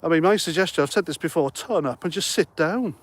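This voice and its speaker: A middle-aged livestream host, his voice on the high side and a little fast, reads comments aloud and chats in a rambling, humorous way. He sounds mildly out of breath.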